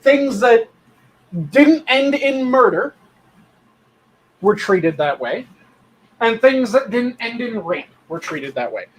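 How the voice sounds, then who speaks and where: A man's voice: extremely high pitch, sing-song, slow pace, long pauses, breathy edge, poor audio. A man co-hosting a podcast in casual chat, blunt and profane, explaining things at length. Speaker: podcast co-host.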